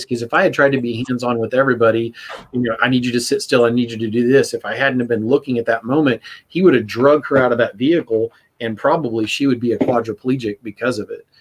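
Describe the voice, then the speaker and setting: A man's voice: mid-range voice, fast, a bit bright, husky. A man hosting a casual podcast on church safety, telling a story earnestly and acting out what people said. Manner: earnest storyteller, acts out quotes. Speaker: podcast host.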